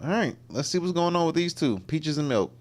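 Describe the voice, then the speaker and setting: A man's voice: a little high, animated, brisk. Rambling male livestream host. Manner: rambling, with lots of fillers and restarts. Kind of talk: casual reaction commentary.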